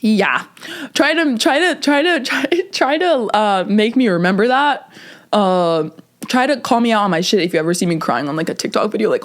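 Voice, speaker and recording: A young woman in her twenties chatting straight to the camera in a relaxed self-help vlog. She rambles with plenty of filler words and jumps way up in pitch whenever she acts out what she or others said. Her voice sits in an ordinary middle range for a woman. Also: normal speed. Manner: chatty, lots of "like" fillers, expressive pitch jumps when quoting herself. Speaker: vlogger.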